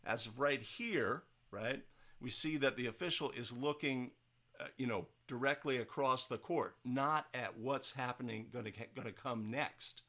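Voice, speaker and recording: A man with a bright, forceful voice leads a casual instructional breakdown of basketball officiating footage. He speaks at a mid pitch and keeps checking in with "right?" as he goes. His sentences often restart partway through. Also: unhurried. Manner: tags points with "right?", frequent restarts.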